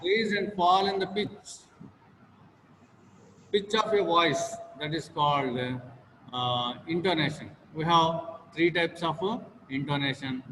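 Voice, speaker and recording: Taking it slowly, a man with a slightly high, fairly bright voice leads an online English lesson built on call-and-repeat drills, saying phrases again and again for students to echo back. Faint noise and long reverb color the audio.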